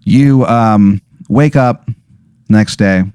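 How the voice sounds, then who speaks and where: A man's voice: lowish voice, extremely slow, darkish tone, clear, resonant tone, no room sound. A man co-hosting a comedy podcast, telling a rambling improvised story full of fillers and restarts. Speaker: podcast co-host.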